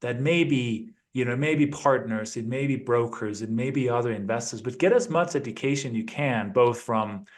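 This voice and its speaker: Relaxed male guest, middle-pitched voice. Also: normal speed, few pauses. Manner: relaxed, reflective, often ends points with "right?". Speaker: guest, apartment investor. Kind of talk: conversational interview.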